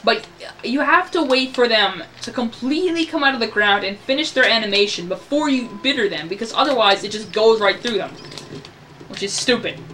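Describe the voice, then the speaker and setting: A man's voice: very high voice, fairly quick, bright, forceful tone, slight background noise. A man giving casual let's-play commentary, rambling and ranting about the game as he plays. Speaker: gameplay commentator.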